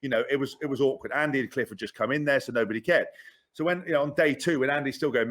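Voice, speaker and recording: Man in his thirties, rapid blunt storyteller, sweary, mid pitch; podcast guest. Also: fairly bright tone. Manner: blunt, sweary, repeats words. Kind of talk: candid storytelling.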